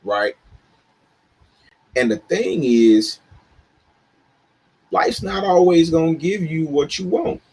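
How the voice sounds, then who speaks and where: A man co-hosting a casual talk show, hammering his points with heavy stress on single words. His voice is husky and a little rough. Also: on the high side, very animated, slow pace, long pauses, a little mellow. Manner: emphatic, lectures with stressed words. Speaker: podcast co-host. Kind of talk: casual chat.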